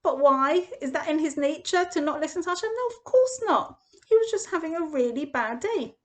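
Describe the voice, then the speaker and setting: A young woman gives a Torah lesson in an animated storytelling manner. Her voice sits high and swings widely. She acts out the people she quotes. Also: brisk. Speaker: Torah teacher. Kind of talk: expressive parsha lesson.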